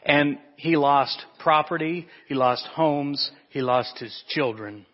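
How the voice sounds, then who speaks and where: Higher-voiced man preaching a story sermon. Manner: storytelling, drawn-out pauses. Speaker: pastor. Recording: dull echoey church recording.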